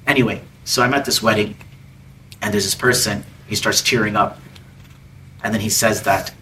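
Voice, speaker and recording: A man giving a sermon through personal stories, conversational and dropping often to soft, hushed tones. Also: on the low side, steady tone, normal speed, long pauses, distant mic, slight background noise, poor audio. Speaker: preacher. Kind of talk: storytelling sermon.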